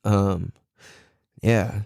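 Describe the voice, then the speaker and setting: A man's voice: on the low side, fairly even intonation, drawn-out words, vocal fry, a little mellow, no room sound, clean studio sound. Tired, laid-back young man podcasting. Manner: laid-back slangy talk, heavy swearing. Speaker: podcast host. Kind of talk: casual solo podcast monologue.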